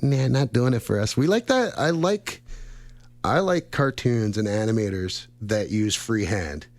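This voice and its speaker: A man's voice: lowish voice, lively intonation, unhurried, no echo. A man in his thirties co-hosting a radio show, chatting casually in a rambling, friendly way and laughing often. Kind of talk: casual chat.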